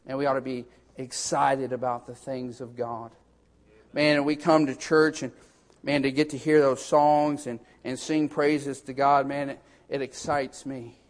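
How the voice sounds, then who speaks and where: A man preaching a sermon with fervor. He punctuates nearly every line with "hey" and builds into urgent exhortations. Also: mid-range voice. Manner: fervent, punctuates lines with repeated "hey".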